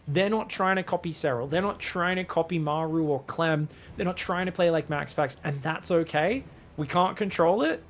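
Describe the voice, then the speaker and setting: A man coaching viewers through a game replay, emphatic and animated, sometimes mimicking a panicked inner voice. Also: fairly high pitch. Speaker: StarCraft coach. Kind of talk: replay analysis and coaching talk.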